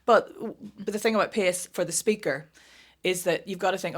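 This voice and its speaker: A woman with a Northern Irish accent, a vocal coach guest chatting on a podcast, quick and lively. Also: lowish voice. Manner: fast, lively, demonstrates with voices. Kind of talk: casual podcast chat.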